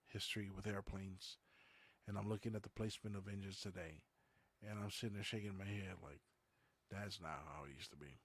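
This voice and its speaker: A man's voice: fairly low pitch, vocal fry. A man hosting a podcast, chatting casually in a rambling, conversational way and reading viewer comments aloud. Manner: rambling, conversational, many fillers. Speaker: podcast host.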